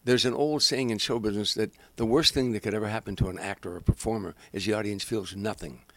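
A man's voice: on the low side, fast talker, no echo. An older man, a comedian, telling show-business stories in casual conversation and acting out the people in them. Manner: animated, acts out voices, frequent restarts. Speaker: guest comedian. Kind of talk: casual anecdotal storytelling.

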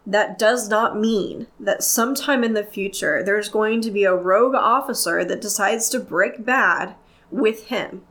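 A woman's voice: mid-range voice, a little slow, fairly bright tone. A woman hosting her own podcast, speaking in a candid solo monologue with an earnest, impassioned, plain-spoken manner. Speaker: podcast host.

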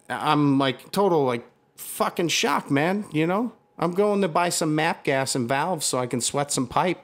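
A man in casual conversation, telling an angry story full of swearing, restarts and filler words. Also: fairly high pitch. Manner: heated, profane storytelling with many restarts.

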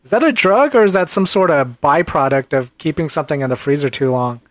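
A man's voice: on the high side, fairly quick, no room sound. A man co-hosting a comedy podcast, reading odd headlines with wry asides. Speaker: podcast co-host reading news. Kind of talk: casual comedic banter.

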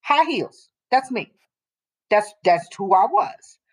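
A woman co-hosting a casual opinion chat, talking bluntly and emphatically and slowing down to press her points. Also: medium pitch, big pitch swings, breathy edge. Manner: emphatic, blunt, drops into slow deliberate points. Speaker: co-host.

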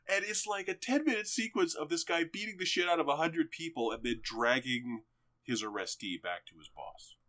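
A man in a casual chat, excitedly and profanely retelling the opening of a film. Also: on the high side, moderate pace. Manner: animated, excitable, profane storytelling.

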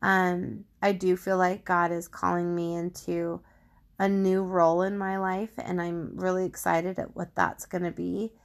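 A woman's voice: fairly low pitch, little pitch movement, unhurried, creaky. A middle-aged woman hosting a personal faith podcast, telling a story candidly and thoughtfully with frequent restarts, on a studio microphone. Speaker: podcast host.

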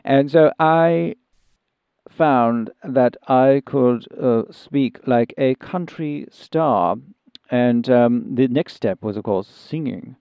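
A man's voice: mid-range voice, slow, smooth, dry recording, lo-fi sound. A man playing a fussy, genteel Englishman from Sussex who has turned country singer, speaking hesitantly with many ums and restarts in an improvised comedy interview. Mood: earnest. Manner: prim and genteel.

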